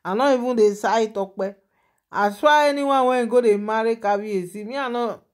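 A woman's voice: a little high, normal speed. A woman with a Nigerian accent hosting her own channel, chatting casually and animatedly as she shares celebrity gossip and laughs often.

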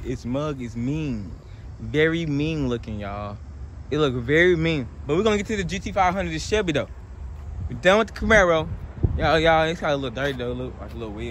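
A young man with a Southern US accent, chatting loosely and excitedly as he walks viewers around cars outdoors on a hot day, filmed on a handheld phone. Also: a little high, slight background noise. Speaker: car vlogger. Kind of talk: casual walkaround car vlog.

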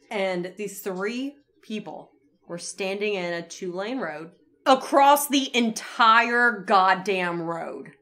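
A woman's voice: on the low side, a bit bright. A woman co-hosting a podcast, chatting casually about a TV episode and laughing easily. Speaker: podcast co-host. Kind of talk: casual chat recapping a TV episode.

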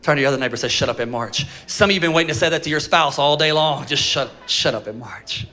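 A male pastor with a fairly high voice preaches quickly to a live congregation in a church auditorium. He tells stories with animation, acts out voices, and fires questions at the room.

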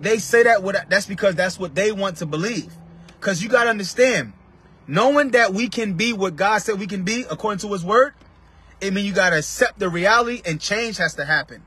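A man, preaching forcefully and repetitively, sometimes breaking into shouts. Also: high voice, a little fast, breathy edge. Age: 30s. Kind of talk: fiery street-style preaching.

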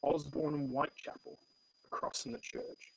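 Man, solo board game host, husky, animated pitch, thinking aloud, reading case text. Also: moderate pace, muffled recording. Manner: thinking aloud, stammering restarts. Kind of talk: solo tabletop play-through with case reading.

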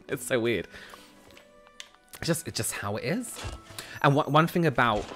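Lively southern English man chatting. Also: medium pitch, a little slow, faint music behind. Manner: chatty, animated, with stumbling restarts and giggles. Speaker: gaming streamer reading chat. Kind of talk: casual livestream chat.

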